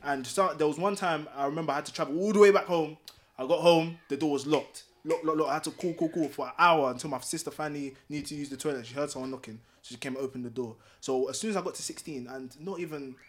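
A man's voice: on the high side, fast. A young man, earnestly telling a personal story in a casual group chat.

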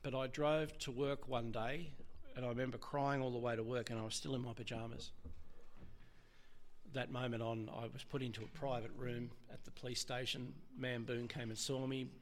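A middle-aged man with an Australian accent, a former police officer telling his story as an interview guest, halting and emotional, often restarting his sentences. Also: level tone. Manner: halting, restarts often, voice drops low when quoting others. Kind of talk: candid personal storytelling.

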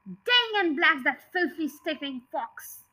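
A woman's voice: sits high, sing-song, takes it slowly, sharp tone, full character voice. A woman voicing a grumpy, cursing fat farmer in a storybook reading. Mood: grumbling angry. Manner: cursing, grumbling.

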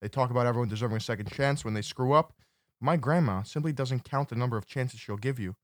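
A man's voice: mid-range voice, fast, dry recording. A man co-hosting a podcast, joking in laid-back banter and reading a listener's letter aloud, close to the mic. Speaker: podcast co-host.

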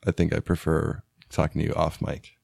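A man with a very low, gravelly voice, hoarse from being sick. He talks in a relaxed, rambling, joking way into a close studio mic. The sound is dry, with no room echo. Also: fairly quick. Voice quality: deep gravelly voice. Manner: laid-back, rambling, joking. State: hoarse from illness. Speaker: podcast guest, spouse of host. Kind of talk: casual chat. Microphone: studio microphone.

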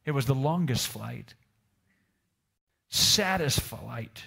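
A man's voice: medium pitch, animated, slow pace, creaky, a bit bright, slightly rough. A male pastor preaching a sermon to a congregation in Italy. He tells a personal story and keeps asking the room rhetorical questions. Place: church service in Italy.

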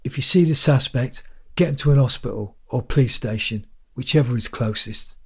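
A man's voice: medium pitch, moderate pace, creaky, husky. A man voicing an urgent, authoritative police officer in an audiobook. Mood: firm. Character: brisk firm male police officer.

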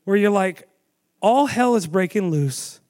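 A man preaching a sermon, telling the story with animated storytelling and asking the audience questions. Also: sits high, measured pace.

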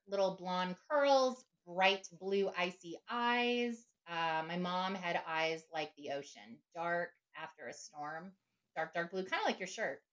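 Middle-aged woman, podcast guest, lowish voice, chatty and quick to laugh. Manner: chatty, often adds "right?", laughs easily. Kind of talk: casual interview talk.

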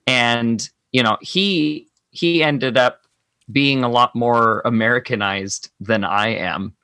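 Guest voice: earnest, reflective man with a bright, forward tone, dry close mic. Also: medium pitch, slow, smooth, no echo. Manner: reflective and earnest, thinks aloud. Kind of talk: personal conversation.

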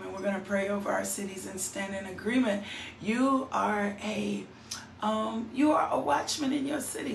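A fervent woman preaching a livestreamed devotional, her voice gravelly with fry. She sounds roomy and set back from the mic, with faint noise underneath. She calls out viewers by name as she preaches. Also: mid-range voice, far from the mic. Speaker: minister hosting an online devotional.

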